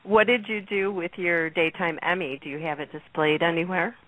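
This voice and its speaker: A woman's voice: on the low side, steady tone, normal speed, dry recording, phone-quality sound. A woman with a Chicago accent hosting a radio interview, chatty and laughing often. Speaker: radio show host. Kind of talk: friendly interview chat.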